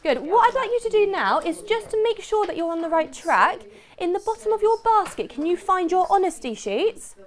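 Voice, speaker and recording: A woman teaching a primary school class in a classroom, brisk and full of praise. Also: extremely high pitch, lively intonation.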